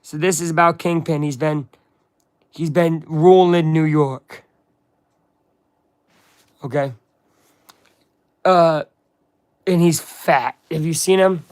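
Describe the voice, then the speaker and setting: Man, live streamer, casual chat, slightly high voice, dry close sound, chatty asides. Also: fairly even intonation, takes it slowly, long pauses, clear, resonant tone, no echo. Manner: chatty, jumps between reading and asides to viewers. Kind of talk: casual live-stream chat while reading a comic aloud.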